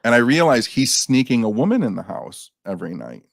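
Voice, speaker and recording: A man's voice: mid-range voice, a little fast, creaky, no room sound, studio quality. A man, a guest on a paranormal talk show, telling anecdotes in a casual chat and acting out the people he quotes. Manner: animated anecdote teller, acts out quotes.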